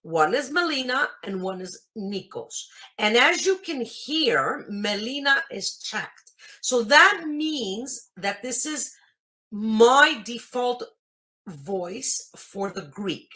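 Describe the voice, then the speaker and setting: Female tutorial host: patient explainer, unhurried, sharp bright voice. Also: on the high side, sing-song. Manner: patient, explanatory, checks in with listeners. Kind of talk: screen reader tutorial.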